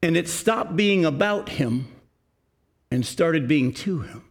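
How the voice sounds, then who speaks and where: Earnest older preacher, fairly high voice. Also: male voice, lively intonation. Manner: earnest, conversational preaching with slow emphatic scripture reading. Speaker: pastor. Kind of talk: sermon.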